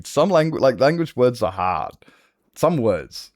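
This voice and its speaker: Brief: Australian male streamer, lively up-and-down delivery, dry close sound, loose and sweary. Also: on the low side, takes it slowly, no echo. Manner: animated, rambling, swears freely. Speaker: Minecraft streamer. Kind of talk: casual livestream chat.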